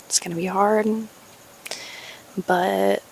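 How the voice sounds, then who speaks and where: A young woman talking candidly to her viewers in a vlog, musing slowly, laughing and swearing casually. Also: medium pitch, fairly even intonation, creaky, a little hiss or hum. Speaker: spiritual YouTuber.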